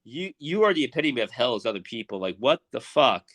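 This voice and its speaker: A man in his thirties co-hosts a podcast, launching into a crude, profane comedic rant that lurches from loud outbursts to muttered asides. His voice sits at a medium pitch with a sing-song lilt, and he moves at a brisk clip.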